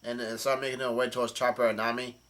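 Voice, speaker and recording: A man's voice: mid-range voice, level tone, fast talker, fairly bright tone. A man casually recapping a comic chapter, rambling with many fillers and restarts. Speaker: channel host.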